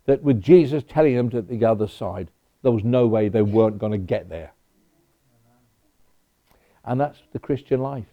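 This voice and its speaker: Animated preacher, lo-fi recording. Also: male voice, on the low side, moderate pace, pauses often. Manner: conversational preaching with personal asides. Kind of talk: sermon. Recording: dull lo-fi recording.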